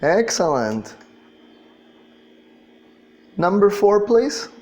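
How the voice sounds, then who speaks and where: Very slow-talking male English teacher. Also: high-pitched, very animated, a little mellow. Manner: patient, drills pronunciation, spells words out. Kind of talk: classroom lesson.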